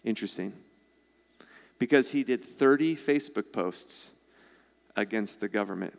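A man, teaching a live audience, animated and full of rhetorical questions, constantly checking in with "all right?" and "okay?". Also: lowish voice, unhurried, creaky. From United States. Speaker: speaker addressing a live audience. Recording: long hall reverb.

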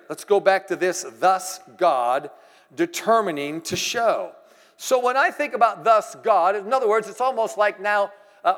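A middle-aged male preacher with a high voice delivers a sermon in a lively storytelling way. He jumps from loud, emphatic lines to quiet asides. His voice rings with the long reverb of a large hall. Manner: animated storytelling, swings between loud exclamations and hushed asides.

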